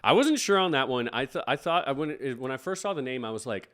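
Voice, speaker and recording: A man's voice: mid-range voice, animated, fast talker, a bit bright. Laid-back young male podcast host. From northwestern United States. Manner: laid-back, swears freely, joking. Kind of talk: casual chat.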